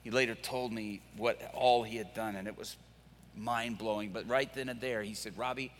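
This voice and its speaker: A man preaching, telling a dramatic story in a vivid, animated way. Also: fairly low pitch, normal speed, big-room sound. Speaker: preacher, prison minister.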